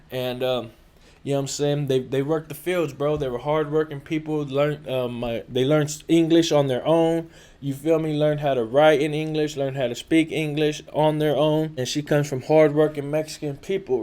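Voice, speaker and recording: A man's voice: on the high side, darkish tone. Slangy Californian man telling a story. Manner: slangy, profane, heavy on filler tags. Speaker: show host telling a story. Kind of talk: casual storytelling.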